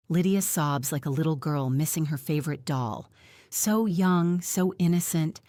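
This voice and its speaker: A woman reading a first-person audiobook in a tense, measured storytelling manner, close to the mic. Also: low voice, dark tone, dry recording. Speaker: audiobook narrator.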